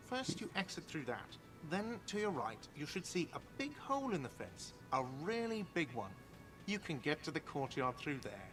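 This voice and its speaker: A snippy whiny cafeteria boss in a game, swoops up and down a lot, music behind. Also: male voice, fairly high pitch, sing-song, moderate pace. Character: agitated whiny male cafeteria manager.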